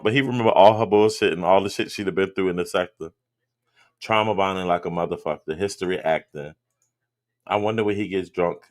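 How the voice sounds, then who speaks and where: A man reacting on his livestream in blunt, profane casual commentary, reading out viewer comments. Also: low-pitched. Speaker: streamer reacting to a live stream.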